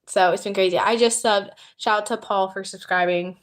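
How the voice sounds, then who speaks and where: A young woman with a Southern American accent chats on a livestream in a friendly, upbeat way. She talks at a medium pitch and reads out viewer comments as they arrive. Her delivery is loose and conversational. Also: steady tone, moderate pace. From Southern United States. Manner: chatty and upbeat, reading out viewer comments and thanking new subscribers. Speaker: YouTuber hosting a livestream. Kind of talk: casual livestream chat.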